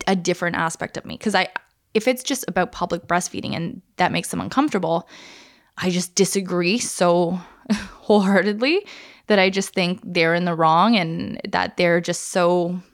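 A woman co-hosting a podcast in casual, animated chat, laughing often. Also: on the low side. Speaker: podcast co-host.

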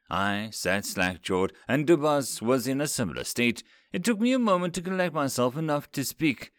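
A man reads a science-fiction story aloud with dramatic expression. His pitch rises and falls in a lively way. The sound is close and dry, with no room echo. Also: normal speed. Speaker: narrator. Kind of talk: scripted story narration.

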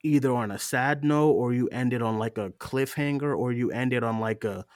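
A man co-hosting a podcast rambles through a casual chat review, leaning on fillers and laughing frequently. He speaks at medium pitch and a moderate pace, with a clean, echo-free studio sound.

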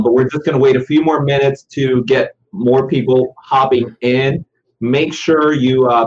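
A man's voice: mid-range voice, a little mellow. Rambling male host on a call. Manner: loose, rambling, with many fillers. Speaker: live show host. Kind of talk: casual chat. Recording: slightly muffled, faintly noisy call audio.

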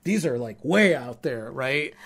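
Candid, animated male podcast co-host. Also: medium pitch, unhurried, breathy edge. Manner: candid, animated storytelling with swearing. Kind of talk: casual podcast chat.

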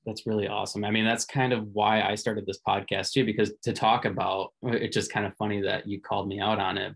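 Man, podcast host, deep voice, gravelly, husky, easygoing. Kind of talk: casual interview chat.

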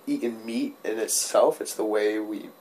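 A man's voice: on the low side, fairly even intonation, normal speed, darkish tone, a little hiss or hum. A man in casual conversation who rambles, restarts his thoughts and swears casually. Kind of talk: casual chat.

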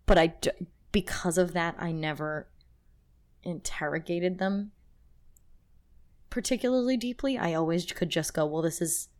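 A woman co-hosting a podcast in casual chat, emotional and halting, laughing through her feelings. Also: on the low side, darkish tone. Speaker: podcast co-host.

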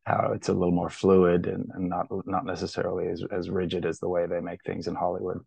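A man with a mixed international, semi-American accent who grew up between India and Ireland, chatting in a relaxed, rambling way as a podcast guest. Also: sits low, quick pace, vocal fry, slightly rough, no room sound. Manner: relaxed, rambling, many fillers. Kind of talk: casual interview chat.

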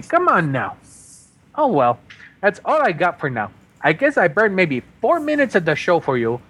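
Husky, lively-voiced email reader. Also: mid-range voice. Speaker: podcast host. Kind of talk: reading a listener email aloud.

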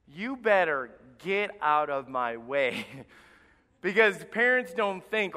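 A male pastor preaching with a high, bright, clear voice that rings out. He acts out the voices he quotes as he goes. The sermon is heard in a church with a long, echoing reverb.

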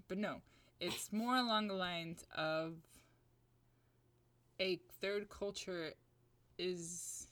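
A woman's voice: fairly low pitch, fairly bright tone. A woman hosting a podcast, opening the episode and explaining an idea in a thoughtful, conversational way. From Libya. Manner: fast, upbeat intro, then thoughtful explaining. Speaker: podcast host. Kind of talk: podcast intro and discussion.

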